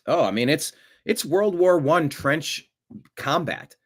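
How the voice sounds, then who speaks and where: A man's voice: on the high side, very animated, unhurried. A man hosting a live stream, chatting casually and reading viewer comments with rambling, jokey asides. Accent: American. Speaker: show host.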